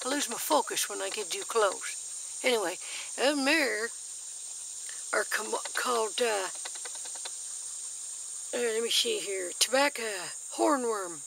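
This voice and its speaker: Bright folksy woman outdoors. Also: on the high side, takes it slowly, creaky, long pauses, a little hiss or hum, low-quality recording. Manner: folksy, chatty, easily excited. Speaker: nature vlogger. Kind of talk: casual nature walk-and-talk. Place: outdoors in a backyard garden.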